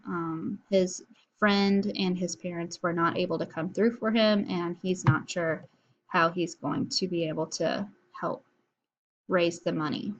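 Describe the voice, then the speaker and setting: A woman teacher walks her students through a recorded lesson in a relaxed, chatty way. She explains as she goes, often pausing on an um or uh. Her voice sits at an ordinary middle pitch. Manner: casual and explanatory, with frequent fillers.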